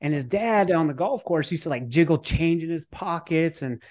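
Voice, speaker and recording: Male guest, slightly high voice, animated casual storyteller, drops a curse now and then. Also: normal speed. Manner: animated, acts out his own thoughts in quotes; casual, with fillers and occasional cursing. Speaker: podcast guest. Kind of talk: conversational storytelling.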